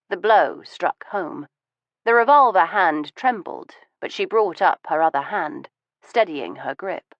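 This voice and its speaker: A woman narrating a novel in first person, in a measured, even storytelling voice. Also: on the low side, no room sound, highs cut off. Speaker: audiobook narrator.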